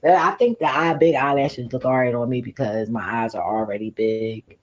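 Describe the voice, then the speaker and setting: A woman streaming a casual, profane rant, animated and laughing often as she talks. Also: extremely low pitch, moderate pace, rough recording. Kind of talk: casual ranting monologue.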